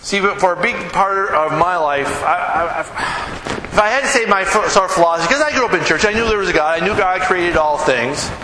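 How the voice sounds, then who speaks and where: High-voiced pastor in an echoey hall. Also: male voice, fairly quick. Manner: energetic, animated, acts out quoted people. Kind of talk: sermon. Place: church sanctuary. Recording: echoey hall with room noise.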